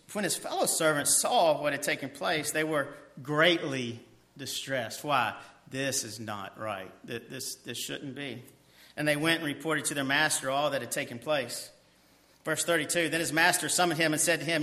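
A man preaches an expository sermon in a bright, forward voice that sits a little higher than most men's. He reads verses aloud, puts questions to his listeners and answers them himself, and drops to a hushed tone on his key points. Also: normal speed. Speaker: pastor.

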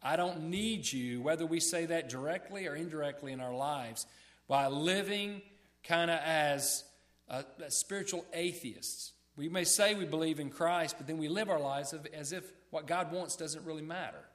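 A man's voice: a little high, moderate pace, a bit bright. A man preaching a sermon in a conversational way, often repeating words and asking the listeners questions.

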